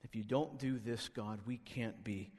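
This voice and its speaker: A man's voice: mid-range voice, unhurried, a little mellow. A male pastor preaching a sermon, emphatic, pressing his listeners with rhetorical questions. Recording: long reverb of a hall.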